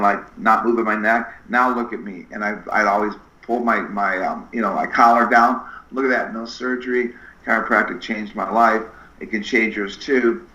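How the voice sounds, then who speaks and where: A middle-aged man telling stories as a podcast guest in an energetic, animated way, acting out the dialogue in his anecdotes. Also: on the low side. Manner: animated, acts out quoted dialogue with shifting voices. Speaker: podcast guest, spinal screener. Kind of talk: energetic storytelling interview. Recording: echoey room, slightly dull sound.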